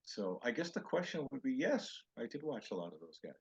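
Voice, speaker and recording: An older man, a comedian guest, telling animated show-business stories in an interview and acting out the quoted lines. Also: mid-range voice, a little fast, vocal fry, breathy edge, lo-fi sound. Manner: animated anecdotes with acted-out quotes. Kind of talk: storytelling interview chat.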